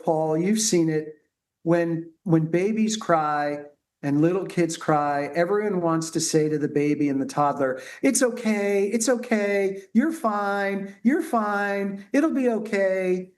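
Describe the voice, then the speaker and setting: A middle-aged male pediatrician talking earnestly and haltingly with many restarts in a conversation. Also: fairly high pitch. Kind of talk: conversational interview talk.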